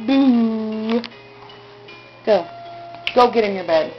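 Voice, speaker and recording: A woman's voice: fairly high pitch, very slow, lo-fi sound, faint music behind. A mother talking to her baby in a home video, with coaxing, sing-song baby talk.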